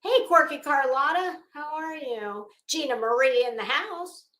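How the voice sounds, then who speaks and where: This livestream host is a middle-aged Florida woman with a Southern accent who speaks frankly, swears freely and calls out viewers by name. Her high voice is pushed and bright, her pace measured, and the audio is reverberant.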